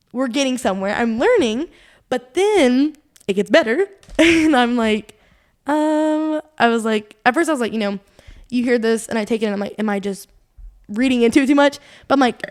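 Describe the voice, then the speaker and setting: A young adult woman co-hosting a casual faith podcast, sharing a personal testimony in an earnest, rambling way, full of "like" and quoted inner thoughts. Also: fairly high pitch. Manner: earnest, rambling, heavy use of "like"; quotes her own thoughts aloud, laughs often. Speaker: podcast co-host.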